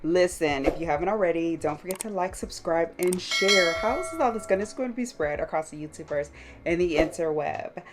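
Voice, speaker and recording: A jet-lagged woman hosting a casual vlog from her closet room at home, talking straight to her viewers in an animated way. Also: fairly low pitch, fairly quick. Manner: animated, talks straight to viewers with repeated yeses and listens. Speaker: vlogger host. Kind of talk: casual chatty vlog to camera.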